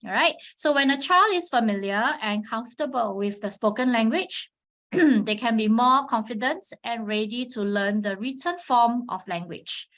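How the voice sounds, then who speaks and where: Animated and moderately paced, a somewhat high-pitched woman delivers an instructional webinar about teaching Chinese. Her style is that of a patient teacher who keeps saying "all right" to check in, and she demonstrates Mandarin tones with dramatic pitch movement.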